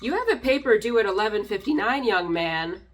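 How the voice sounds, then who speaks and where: A young woman YouTuber with a mid-range voice and lively intonation reads and reacts to comments a little fast, sarcastic and exasperated, and a little tipsy, in casual commentary.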